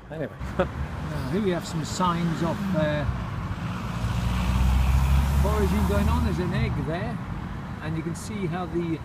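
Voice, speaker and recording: A man's voice: on the high side, very noisy. A middle-aged man, chatting cheerfully and jokily to viewers in a casual vlog, recorded on a camera microphone. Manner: chatty, cheerful, jokey, addresses viewers as mates. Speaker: vlogger.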